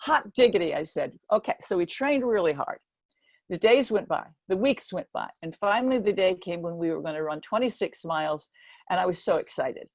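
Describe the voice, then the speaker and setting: Lively older woman telling a story. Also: lowish voice, brisk, dry recording. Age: 70s. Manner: lively storyteller who acts out the quoted voices. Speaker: guest speaker. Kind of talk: motivational storytelling speech.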